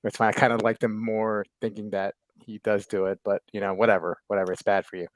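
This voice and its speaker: A man's voice: lowish voice, level tone, fast talker. An American man in his thirties hosting a casual livestream podcast, rambling with many fillers and restarts as he greets chat viewers. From United States. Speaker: podcast host.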